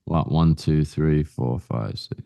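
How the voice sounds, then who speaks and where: A man's voice: a bass voice, takes it slowly, gravelly, warm tone, a little hiss or hum. A man co-hosting a casual podcast chat, talking loosely and informally, hedging with "like" and "I think". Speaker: podcast co-host.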